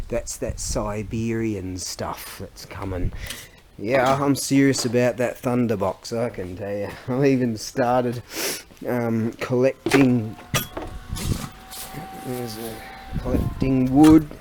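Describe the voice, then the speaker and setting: A man's voice: mid-range voice, noisy background. A man, chatting casually in a rambling, self-interrupting vlog. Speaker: vlogger.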